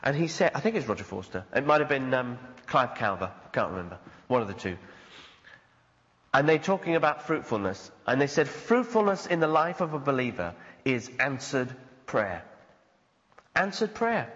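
A man's voice: mid-range voice, very animated, normal speed, a bit bright. A man preaching a sermon as pastor, earnest and conversational, acting out the voices he quotes. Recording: dull sound with long hall reverb.

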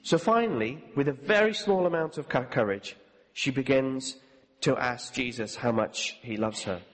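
Speaking at medium pitch and a moderate pace, a preacher animatedly tells a story within his sermon, performing the voices of the people in it. Long hall reverb fills the recording.

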